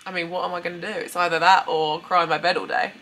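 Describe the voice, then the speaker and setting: Bright, tearful British young woman vlogging. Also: lowish voice, little pitch movement, quick pace, slight background noise. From United Kingdom. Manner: candid, emotional, chatty. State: tearful, runny nose. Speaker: beauty vlogger. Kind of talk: casual chat to camera. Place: at home, indoors.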